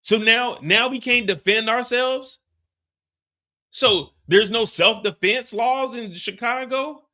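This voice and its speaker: A man hosting a live TV after show, recapping an episode in animated, casual talk with stammered restarts and swearing. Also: very high-pitched, slow pace.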